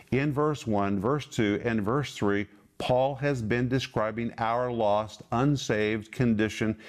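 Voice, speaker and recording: A man delivers a televised Bible teaching in a mid-pitched voice. He speaks emphatically and stretches out the key words as he explains Greek terms. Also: a little mellow. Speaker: pastor.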